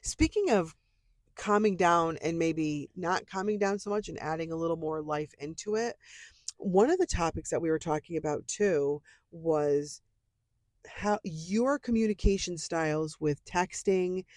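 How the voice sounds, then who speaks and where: A woman's voice: fairly low pitch, unhurried, a little mellow, no echo. A woman co-hosting a podcast, chatting casually and swearing as she rants about pet peeves. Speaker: podcast co-host. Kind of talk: casual chat.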